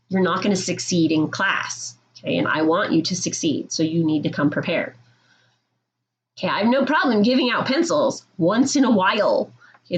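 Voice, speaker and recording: A woman's voice: medium pitch, low-quality recording. A woman teaching middle school, explaining classroom rules to her students in a firm, direct way and checking in with "okay?".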